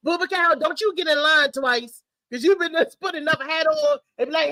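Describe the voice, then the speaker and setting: A woman hosting a casual talk show, telling stories with lively slang and laughter. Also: high voice, moderate pace, no echo. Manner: animated storytelling, laughing, slangy. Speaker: show host.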